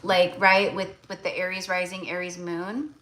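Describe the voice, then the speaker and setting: A woman's voice: on the low side, level tone, moderate pace, a bit bright, rough recording. A woman tarot reader in casual livestream chat, blunt and chatty, full of fillers.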